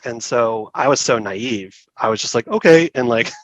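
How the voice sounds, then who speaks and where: A middle-aged man telling stories as a guest in an interview, relaxed and chatty, laughing often and acting out the people he quotes. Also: mid-range voice, moderate pace, no echo. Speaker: saxophone repair technician, guest. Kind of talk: casual storytelling interview.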